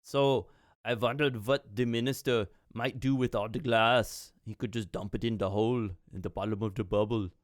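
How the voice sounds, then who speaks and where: A man voicing a formal, polite male ministry official in a tabletop game, speaking in measured sentences. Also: mid-range voice, fairly even intonation, dry recording, studio quality, close to an everyday voice.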